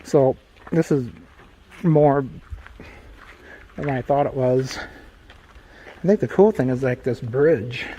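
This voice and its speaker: A middle-aged man hosting a travel channel films on his handheld phone while walking a city sidewalk and later riding in a small car. He speaks slowly at medium pitch with a dark tone, pausing often between fillers and joking asides. The audio is poor, carrying a little hiss or hum.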